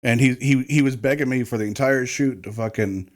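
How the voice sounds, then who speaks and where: A former film crew worker with a medium-pitched voice talks a little fast in a casual podcast chat. He rambles through long stories, swearing freely.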